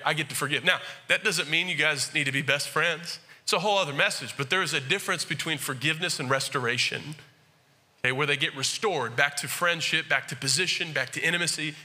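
A male pastor giving a conversational, animated sermon, with frequent asides and questions to the congregation. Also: on the high side.

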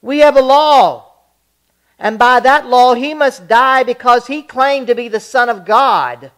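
A church reader voicing a furious crowd of priests in a scripture reading, shouting their lines at raised pitch. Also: unhurried, smooth.

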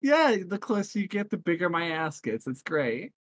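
A woman's voice: fairly low pitch, very animated, moderate pace, crowd noise. A woman in a casual stream chat, pushy and crude in her jokes.

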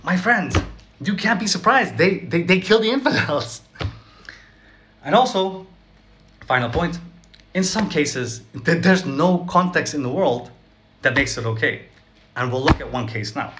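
A man's voice: fairly high pitch, animated, unhurried, pauses often, a bit bright. A man talking casually to camera in a sarcastic, chatty way, often laughing and asking "right?" between points. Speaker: vlogger. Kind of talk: casual direct-to-camera commentary.

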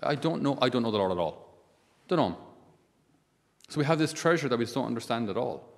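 A man's voice: mid-range voice, animated, fast talker, vocal fry, long reverb tail. A man, a priest giving a conversational sermon full of asides and rhetorical questions.

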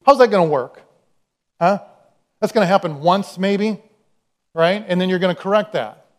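High-voiced pastor preaching conversationally. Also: male voice, normal speed. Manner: conversational, storytelling, acts out quoted voices. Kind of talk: sermon.

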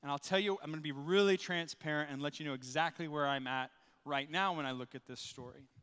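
A man with a high, bright, forceful voice delivers a sermon, throwing himself into the story and voicing the people in it. His words carry through a large church hall with a long, ringing reverb. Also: brisk, smooth. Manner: animated storytelling, voices quoted characters. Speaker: pastor. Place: church sanctuary.

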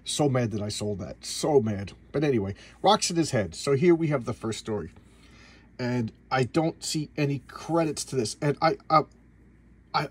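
A man in his fifties from the United States talks through an old comic in a loose, rambling way. He stumbles over his words and repeats them, then slips into quick voices for the characters. His voice has a faint husk to it. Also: mid-range voice, slightly rough. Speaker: comic book collector reviewing back issues. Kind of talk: casual video review chat.

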